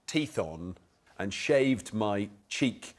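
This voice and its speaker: A man on a comedy panel show, explaining his claim in a halting, matter-of-fact way. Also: lowish voice, expressive.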